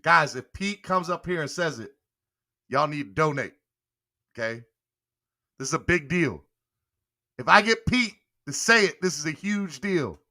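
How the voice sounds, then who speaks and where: A man's voice: on the high side, lively intonation, measured pace, long pauses, sharp tone. A young man hosting a casual live-stream sports show, playfully coaxing a guest and laughing often. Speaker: podcast host.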